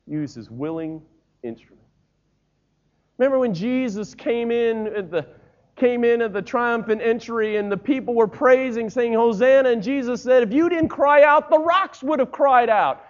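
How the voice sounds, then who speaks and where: A man preaching a sermon, telling stories with lively voiced characters and rising to shouts. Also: very high-pitched, normal speed. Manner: animated storytelling, voicing characters, rising to shouts. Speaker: pastor. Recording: dull lo-fi sermon recording.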